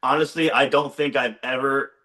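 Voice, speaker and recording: A young man, a former game show contestant, chatting on a video call and excitedly retelling his experience with lots of "like.". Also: mid-range voice, normal speed. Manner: excitable storyteller, heavy use of "like". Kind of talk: casual chat on a video call. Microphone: video call microphone.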